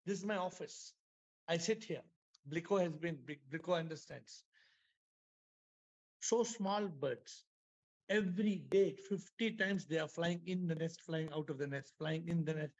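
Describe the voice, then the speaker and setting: Man with an Indian English accent, a spiritual teacher speaking high for a man, dull lo-fi call audio. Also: a little slow. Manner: storytelling, repetitive, asks the audience questions. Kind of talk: spiritual talk to an online audience. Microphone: video call.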